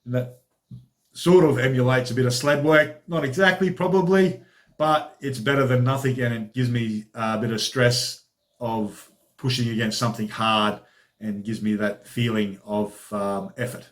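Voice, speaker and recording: A man's voice: mid-range voice, fairly even intonation, moderate pace. A man hosting his own training diary vlog as a personal trainer, talking in a chatty, informal, upbeat way.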